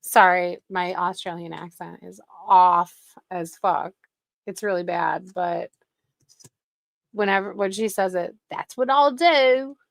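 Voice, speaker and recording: A woman's voice: on the low side, little pitch movement, takes it slowly, vocal fry, no room sound. A woman hosting casual commentary in a sarcastic, gossipy way. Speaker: commentary channel host.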